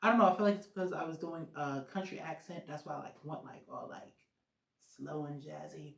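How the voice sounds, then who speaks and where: Gravelly and mid-range, this voice moves fairly quickly with fairly even intonation. It belongs to a podcast host chatting solo in a loose, rambling style, leaning heavily on "um" and "like." There's a roomy echo on the recording.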